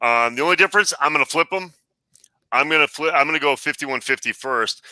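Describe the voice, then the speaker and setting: A man's voice: a little high, a little fast, bright, forceful tone, smooth, no echo, poor audio. A man co-hosting a casual music chat, talking with enthusiasm as a fan.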